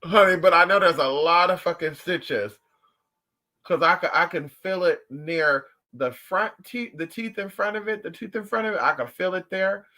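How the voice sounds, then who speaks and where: A man hosting a casual livestream, telling stories in an animated, profane and sassy way while answering viewers. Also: high-pitched, moderate pace. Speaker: livestream host.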